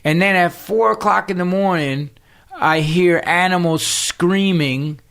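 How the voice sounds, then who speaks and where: A man's voice: high voice, measured pace, gravelly. Middle-aged New man, podcast guest, raised voice, blunt and profane storyteller. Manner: profane, animated street-talk storytelling. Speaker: podcast guest, punk singer. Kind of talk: storytelling in casual interview.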